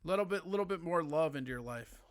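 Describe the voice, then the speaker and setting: A man's voice: fairly high pitch, animated, quick pace, noisy background. A man hosting a live stream, chatting casually and teasing a caller, swearing freely. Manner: profane, teasing. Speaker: livestream host.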